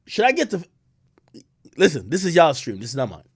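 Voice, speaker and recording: A man's voice: fairly high pitch, wildly swooping pitch, fairly quick, slightly rough, dry recording, studio quality. A man streaming live, chatting loosely with his viewers and swearing freely. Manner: loose and profane, reacting to chat, swings loud and quiet. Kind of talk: casual livestream chat.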